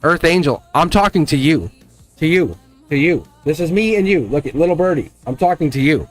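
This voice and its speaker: A man giving a live-stream tarot reading, emphatic and animated, laughing often and slipping into a scolding teacher tone. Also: a little high, brisk, soft background music. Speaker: tarot reader.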